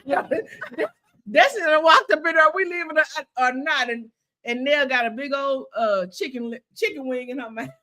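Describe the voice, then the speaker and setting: A woman with a Southern American accent hosting a casual review chat, animated and laughing often, full of slang. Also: high-pitched, normal speed. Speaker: reality show review host.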